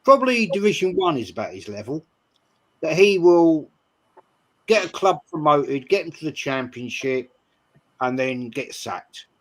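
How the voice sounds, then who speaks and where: Blunt, measured man giving football opinions. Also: fairly high pitch, sing-song. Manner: measured, blunt, dismissive of critics. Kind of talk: football call-in commentary.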